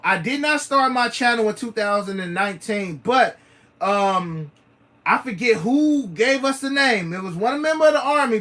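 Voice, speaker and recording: A man's voice: sits high, fairly bright tone. A man hosting a sneaker channel livestream, chatting loosely with slang, fillers and repeated phrases. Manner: loose, repetitive, slangy talk with many fillers. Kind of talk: casual livestream chat.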